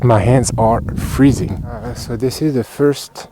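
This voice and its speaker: A French hiking vlogger narrates his walk along a cold outdoor trail, chatty and muttering asides, slightly out of breath. His voice is medium-pitched and measured, with a noisy background behind it.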